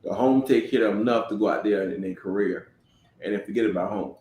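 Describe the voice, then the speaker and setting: A man with a fairly low voice, co-hosting a podcast. He speaks earnestly and reflectively, and often breaks off to gather his thoughts. He sounds like he is in a roomy, echoey room. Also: brisk, darkish tone, a little hiss or hum. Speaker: podcast co-host. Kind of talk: casual conversational podcast. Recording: roomy echo.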